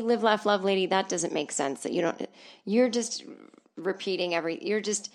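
A woman's voice: medium pitch, normal speed. A woman hosting her comedy podcast, rambling and self-deprecating, swearing freely from a small soundproof booth. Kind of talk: casual comedic monologue.

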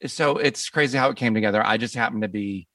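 A man's voice: lowish voice, fast, bright, forceful tone, no room sound, far from the mic. A man hosting a podcast, chatting casually and enthusiastically, often repeating words as he rambles. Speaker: podcast host. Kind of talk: casual interview chat.

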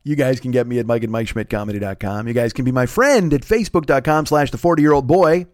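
A man's voice: mid-range voice, fast, no echo, studio quality. A man in his forties hosting a comedy podcast, ranting in an exasperated, profane, rambling way with stammered restarts. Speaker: podcast host. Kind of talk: comedic rant.

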